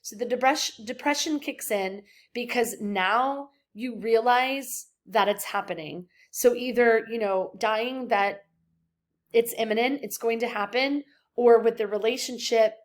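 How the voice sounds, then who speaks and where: A woman's voice: on the high side, measured pace. A young adult woman giving a recorded psychology lecture to her students, speaking conversationally with filler words and acting out example quotes. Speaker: psychology instructor.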